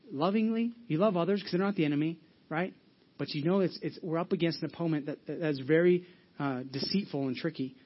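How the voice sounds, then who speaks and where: A man with a slightly high, husky voice preaches a sermon. He talks in an earnest, conversational way and asks the congregation questions. The recording sounds dull and lo-fi. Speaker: pastor.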